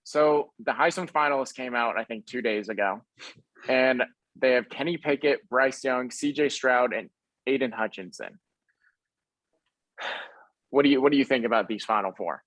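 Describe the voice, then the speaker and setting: A man's voice: mid-range voice, moderate pace, pauses often, fairly bright tone, dry recording, rough recording. Laid-back young man chatting about sports. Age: young adult. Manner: rambling, laid-back, lots of fillers. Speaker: podcast co-host. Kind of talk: casual sports chat.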